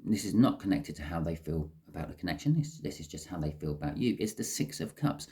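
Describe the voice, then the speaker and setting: Quick-paced, with a deep, dark voice and big pitch swings, a man does a chatty tarot reading for the camera. He explains the cards one by one, saying "okay" a lot.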